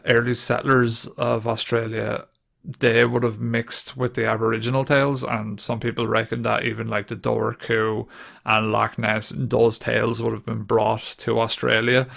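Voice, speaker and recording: Host: English man, very gravelly voice, flat delivery, casual podcast chat. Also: medium pitch. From England. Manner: chatty, laughs easily, reads notes aloud.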